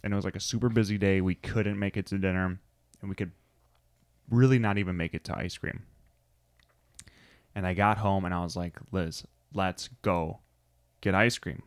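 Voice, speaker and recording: A man in his thirties co-hosting a podcast, telling a relaxed story in casual chat. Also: sits low, a little fast, pauses often, no room sound. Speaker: podcast co-host.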